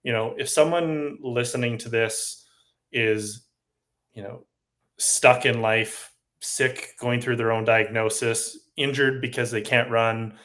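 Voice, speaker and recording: A man hosts a casual podcast interview, affirming his guest and rephrasing the guest's points back in a relaxed way. His voice sits at an ordinary pitch for a man. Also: slow pace. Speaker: podcast host.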